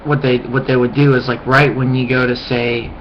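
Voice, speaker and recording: A young man ranting casually to his webcam, rambling with lots of "like" fillers and dropping to a low mutter at times. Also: level tone, normal speed, slight background noise. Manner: mocking high-pitched yelps when imitating friends. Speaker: vlogger. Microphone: webcam mic. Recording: dull lo-fi webcam audio.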